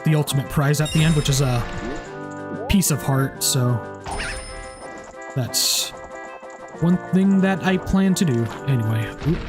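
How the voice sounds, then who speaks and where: A man talks through his gameplay in a casual let's play, rambling and restarting his sentences often. His voice sits a little high. Game music plays clearly underneath. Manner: rambling, with many restarts and fillers. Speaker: gameplay commentator. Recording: game music playing behind.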